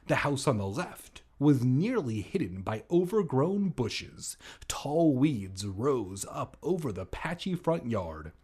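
A man reads a children's book aloud in a slow, husky voice, cracking offhand jokes between the sentences. His pitch swings widely and keeps the reading lively. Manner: jokey asides while reading. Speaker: reader.

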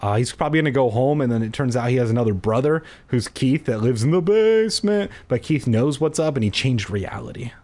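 Husky, animated young man reading aloud. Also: mid-range voice, a little fast, hardly any pauses. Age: young adult. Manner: animated, jokey asides. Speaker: reader of books aloud. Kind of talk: casual reading aloud with asides.

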